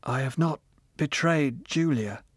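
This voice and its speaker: A man's voice: medium pitch, slow pace, breathy edge, dry recording, voice pushed up. A man voicing a broken, desperate male prisoner in an audiobook, with a strained, sobbing, pleading manner. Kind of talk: audiobook character reading.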